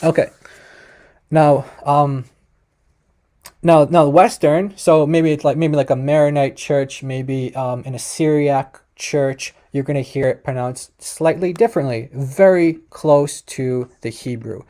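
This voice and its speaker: A man giving a casual explanatory talk as presenter, halting often with fillers and restarts. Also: a little high, fairly even intonation, dark tone.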